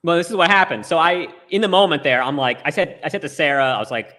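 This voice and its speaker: A man's voice: on the high side, fast talker, hardly any pauses, bright, forceful tone. A man rambling through a story in casual chat over a remote call, with lots of "like" fillers. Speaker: storyteller on a talk show. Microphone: remote video call.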